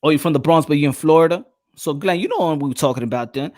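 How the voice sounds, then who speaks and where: Man, New York accent, casual chat host, slangy, jokey, fairly high voice, dry close sound. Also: racing, darkish tone, no echo. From New York City. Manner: loose, joking, slangy, laughs often. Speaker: podcast host.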